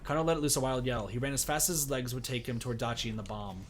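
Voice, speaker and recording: A man streaming a visual novel, reading its text aloud in an animated way and shouting excited reactions between lines. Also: mid-range voice, fast, a little hiss or hum.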